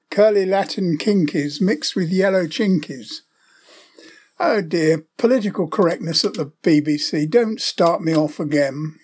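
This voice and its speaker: A man's voice: a little high, darkish tone. An older man, hosting a podcast and reading a wry, opinionated monologue. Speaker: podcast host.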